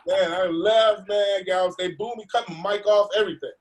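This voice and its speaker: A man, a comedian, telling an animated story over a video call, laughing and acting out the voices of other people. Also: high-pitched, normal speed. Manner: laughing, acts out voices in his stories. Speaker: comedian guest.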